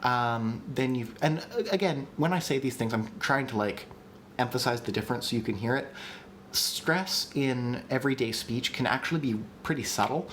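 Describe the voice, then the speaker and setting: Male streamer-teacher, mid pitch, loose and enthusiastic delivery, desk mic with faint background hiss. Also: moderate pace, a bit bright. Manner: chatty and enthusiastic, with many ums and restarts, reads chat aloud. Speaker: streamer teaching language construction. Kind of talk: casual live-stream lesson.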